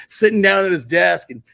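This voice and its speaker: A man's voice: expressive, a little slow, vocal fry, sharp tone. Chatty rambling man telling stories. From Virginia Beach, United States. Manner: chatty, rambling, many fillers and self-corrections; acts out quoted speech in a much higher voice. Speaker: guest photographer. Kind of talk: casual interview storytelling.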